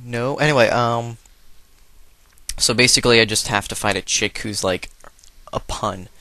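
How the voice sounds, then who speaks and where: A man's voice: on the low side, sharp tone, dry recording. A young man giving casual, rambling, jokey commentary over a video game, now and then putting on silly voices. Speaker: let's play commentator.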